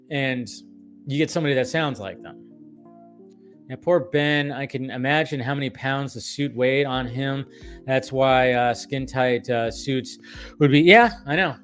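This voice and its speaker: Male streamer, slightly high pitch, loose profane rambling delivery over faint music. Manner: animated, profane, rambling with restarts. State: tired and caffeinated. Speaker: film commentary streamer. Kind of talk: casual livestream rant.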